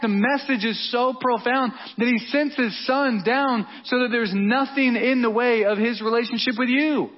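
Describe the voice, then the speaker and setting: A male pastor with a high, husky voice preaches in a conversational, emphatic way and circles back to key words. The audio is dull and lo-fi. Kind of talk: sermon.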